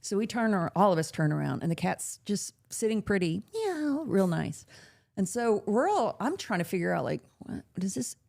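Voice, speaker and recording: A woman podcast host telling a story in casual chat. She talks in an animated way, swears freely and laughs often. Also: medium pitch, moderate pace, creaky.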